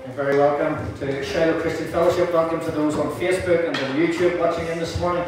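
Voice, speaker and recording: A man preaching a sermon, praying quietly at first and then telling stories with lively humour. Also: a little high, fast talker, noisy background. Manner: prays softly, then preaches with lively storytelling and laughter. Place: church hall. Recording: echoey room from far off.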